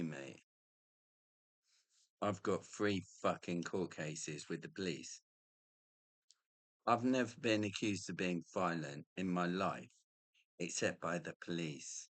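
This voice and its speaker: Profane rambling man, deep voice. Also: fairly bright tone, no echo. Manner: profane, rambling, repeatedly says mate. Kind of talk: ranting monologue.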